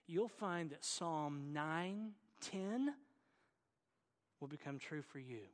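A man's voice: a little high, expressive, slow pace, big-room sound. A middle-aged man from Oklahoma with an Oklahoma accent, preaching a sermon in an earnest, exhorting way with folksy asides. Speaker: pastor.

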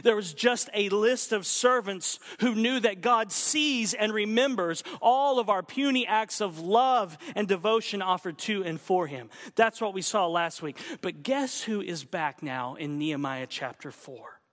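Playful high-voiced preacher in a reverberant hall. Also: male voice, measured pace, hardly any pauses. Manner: playful, jokey asides with lively emphasis. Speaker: pastor. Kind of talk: sermon.

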